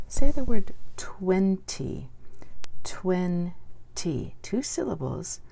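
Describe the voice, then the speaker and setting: Lady teaching kids to spell, sounds stuff out slowly, kinda low pitched. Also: expressive, vocal fry, warm tone. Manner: slow, patient, sounds out words letter by letter. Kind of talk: spelling lesson.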